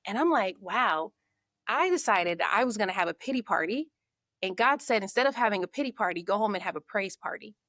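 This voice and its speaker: A woman speaks as a guest on a podcast, recounting her past with energy and voicing her own inner thoughts as she goes. Her voice sits at an ordinary middle pitch for a woman. The recording is dry and close, with no room echo. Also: fairly quick. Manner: lively storyteller who acts out her own inner thoughts. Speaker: podcast guest, marketing coach. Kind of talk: conversational storytelling.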